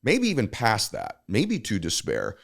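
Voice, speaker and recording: A man's voice: on the low side, wildly swooping pitch, a little slow, creaky. A middle-aged man hosting a podcast, reading ads and leading the talk in an upbeat, emphatic way. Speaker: podcast host. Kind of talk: podcast conversation and host-read ads.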